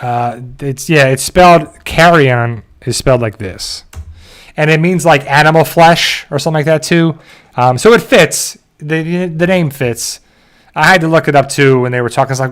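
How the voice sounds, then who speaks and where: Male host, slightly higher voice, casual animated episode recap with quick character mimicry. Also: clean tone. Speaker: show host.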